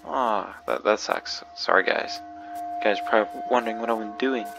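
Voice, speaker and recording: A man's voice: on the low side, moderate pace, gravelly, over music. A man giving spooked gameplay commentary, jumpy and nervous, often repeating himself. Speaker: gaming video creator. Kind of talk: horror game commentary.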